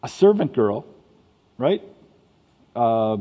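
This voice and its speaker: A man's voice: medium pitch, a little slow, lo-fi sound. Man preaching in an echoing church hall. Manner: conversational preaching with stammered restarts. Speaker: pastor. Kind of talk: sermon. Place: church sanctuary. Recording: long reverb of a church hall.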